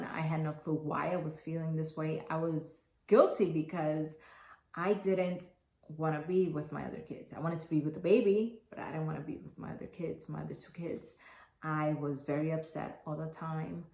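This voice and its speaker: A woman in her thirties telling her own story to camera, earnest and halting, with many restarts. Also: low-pitched, fairly even intonation, vocal fry. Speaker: mother sharing her postpartum story. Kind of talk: personal testimonial to camera. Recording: echoey room.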